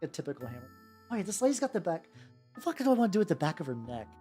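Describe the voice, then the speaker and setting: Streaming as she paints miniatures, this woman has a low, mellow voice and speaks in a very animated, rapid-fire way. She rambles casually, curses freely, greets chat members by name, and faint background music plays.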